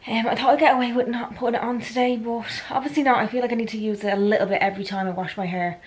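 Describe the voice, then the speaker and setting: A woman's voice: fairly high pitch, fairly even intonation, very fast, poor audio. A young woman with an Irish accent, chatting through a day-in-the-life vlog, rambling and correcting herself with lots of ums. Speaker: vlogger.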